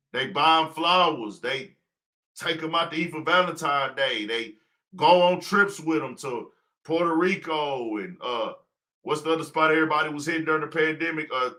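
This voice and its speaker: Guy hosting a live stream, high bright voice, preachy, asks and answers his own questions. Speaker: podcast host. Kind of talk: casual livestream commentary.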